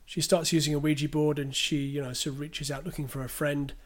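A man co-hosts a casual podcast chat about films. His voice sits fairly high, and he rambles along with lots of "you know" and restarts. He sounds like an easygoing enthusiast talking a plot through. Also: little pitch movement, fairly quick. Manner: rambling, hesitant with fillers and restarts. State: clearing his throat. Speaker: podcast co-host. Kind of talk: casual film discussion.

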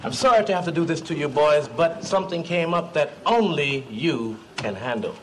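An actor playing a weary police captain giving a matter-of-fact briefing, in old TV audio. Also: male voice, a little high, lively intonation, moderate pace, a little hiss or hum, close to an everyday voice.

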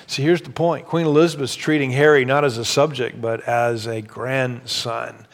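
A man preaching a sermon as pastor, telling a story in an animated way with shifting pace and emphasis. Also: medium pitch, normal speed, few pauses. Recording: long reverb of a large hall.

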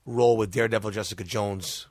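A man's voice: lowish voice, steady tone, brisk, a little mellow, dry recording, clean studio sound. A man in casual chat, laid-back and joking, hesitating with fillers as he weighs his answer.

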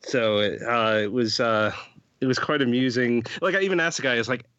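A man's voice: medium pitch, fairly bright tone, no room sound. Chatty guy on a podcast, lots of "like", dry kinda dull mic. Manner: chatty, full of "like" and quick laughs. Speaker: podcast co-host. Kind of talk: casual chat.

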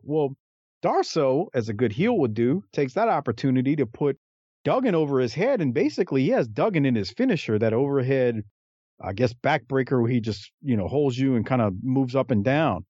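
A man's voice: mid-range voice, fairly quick, dry recording, highs cut off. A man co-hosting a podcast, chatting casually about a wrestling match and acting out the wrestlers' lines. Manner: animated, acts out wrestlers' lines in a raised voice.

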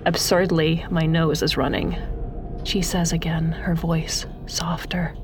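A woman narrating a first-person story in a hushed, breathy, grieving voice that often drops to a whisper. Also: low-pitched, slow, music in the background.

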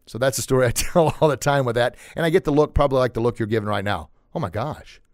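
A man's voice: medium pitch, racing, no room sound, studio quality. Earnest middle-aged man hosting a podcast. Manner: earnest, emphatic, repeats phrases for stress. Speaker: podcast host. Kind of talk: motivational podcast talk.

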